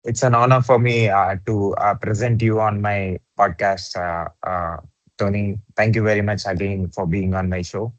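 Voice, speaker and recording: A man's voice: on the low side, fairly even intonation, moderate pace, no echo, muffled recording. A man hosting a podcast who asks questions hesitantly, with many fillers. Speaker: podcast host. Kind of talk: interview questions.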